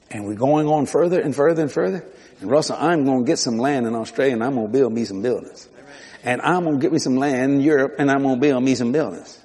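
Older preacher in a reverberant hall. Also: male voice, fairly high pitch, slightly rough. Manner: folksy storytelling with laughter and mimicry. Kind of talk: sermon.

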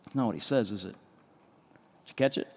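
A man's voice: fairly low pitch, fast talker, husky. A man preaching a sermon as a pastor, earnest and conversational, often repeating words for emphasis. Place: large church sanctuary. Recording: long reverb of a large hall.

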